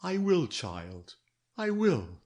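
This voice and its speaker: A fatherly old detective coaxes in a soft, gentle tone, as a male audiobook narrator plays him. His voice sits a little above the reader's own, shrewd under the kindness, in a storybook reading. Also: a little high, sing-song, takes it slowly, pitched above the performer's own voice. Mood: gentle coaxing. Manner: gentle, soothing, coaxing.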